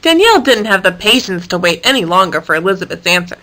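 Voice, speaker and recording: A woman reading a children's animal story aloud in a lively, expressive way. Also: lowish voice, quick pace, poor audio.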